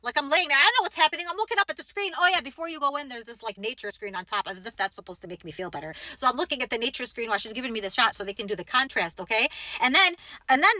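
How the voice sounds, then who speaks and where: A young woman telling a personal story to camera in a casual, animated way, acting out what she thought and said. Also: high-pitched, very fast, no echo. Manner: animated, dramatic retelling with quoted inner voice. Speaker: vlogger.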